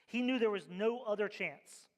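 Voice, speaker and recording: A man's voice: high voice, moderate pace. A male pastor preaching a sermon, with emphatic, rhythmic repeated refrains, in a church sanctuary. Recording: long reverb of a large hall.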